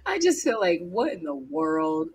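Animated woman ranting with laughs. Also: on the low side, slow pace, breathy edge, poor audio. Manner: animated, laughs often, exclamatory. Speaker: video creator reviewing movies. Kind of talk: casual ranting review vlog.

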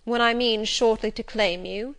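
A woman voicing a brusque, peremptory gentleman in an audiobook reading. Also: on the high side, fairly even intonation, normal speed, clear, resonant tone. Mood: curt.

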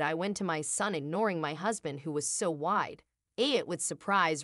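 A woman's voice: low-pitched, normal speed, fairly bright tone, dry recording, clean studio sound. Woman narrating a dramatic story. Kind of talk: first-person story narration.

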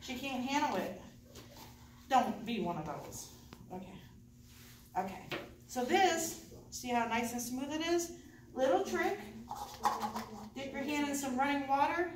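A woman teaching a hands-on dental class, chatty and encouraging with quick asides. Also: high voice, animated, slight background noise. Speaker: dental assisting instructor. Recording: echoey room, voice from far off.

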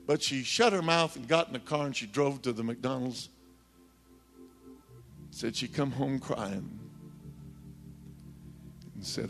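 A man preaching a sermon, telling a story with quoted voices and building to loud, pleading calls. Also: mid-range voice, slow pace, vocal fry, pauses often, soft background music. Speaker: pastor.

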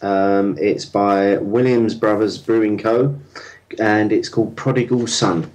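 Chatty man with a low voice. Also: fairly even intonation, a little slow, a little mellow, low-quality recording. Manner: chatty, stumbles and repeats words. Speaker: podcast co-host. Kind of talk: casual chat.

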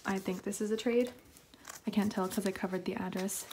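Young woman, excitable vlogger, mid pitch, chatty unboxing talk, faint hiss behind. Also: a little fast. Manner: excitable, chatty, frequent laughs and fillers. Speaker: K-pop album haul vlogger. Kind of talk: casual unboxing chat.

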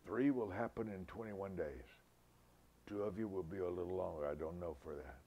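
A man preaching a sermon, swinging from loud outbursts to hushed whispers. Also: low-pitched, moderate pace, lo-fi sound.

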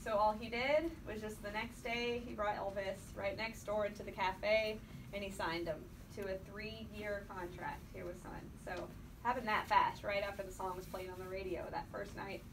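A woman's voice: medium pitch, steady tone, normal speed. A woman giving a guided tour, chatty and storytelling, talking to her group. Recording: distant mic, noisy room.

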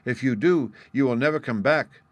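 A cheeky young boy from a storybook, blunt and impatient, pitched well up and pressing his warnings hard, as a man reading the tale puts him on. The voice stays dry and close. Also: normal speed, dry recording, close to an everyday voice. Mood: urgent, blunt. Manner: insistent warning, raised voice.

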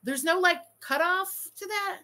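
A woman's voice: very high voice, a little slow. A young adult woman hosting a casual livestream, reading super chats aloud and ranting with lots of swearing. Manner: profane, animated, ranting.

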